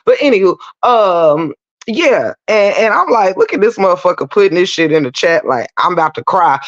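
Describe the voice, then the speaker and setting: A woman's voice: fairly low pitch, big pitch swings, normal speed, muffled recording. A woman hosting a live stream, ranting bluntly and profanely in casual talk. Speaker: livestream host.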